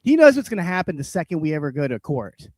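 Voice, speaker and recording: A man hosting a comedy podcast, ranting and swearing, his voice swinging between loud outbursts and low mutters. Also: sing-song, quick pace, dry recording. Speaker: podcast host. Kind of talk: profane comedic rant.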